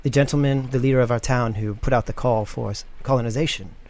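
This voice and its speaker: A man's voice: medium pitch, fairly even intonation, quick pace, a little mellow, lightly acted. A man voicing a composed, kind female town sheriff in a tabletop game, formal and apologetic.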